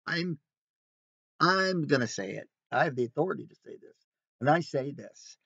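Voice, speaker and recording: A man leads an informal Bible study, mixing rhetorical questions with emphatic, conversational asides. His voice sits at an average pitch. The recording is dry and somewhat dull, as if captured on modest gear inside an RV. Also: animated, moderate pace, vocal fry, pauses often, fairly bright tone, slightly rough, dry recording. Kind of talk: informal sermon. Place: recreational vehicle.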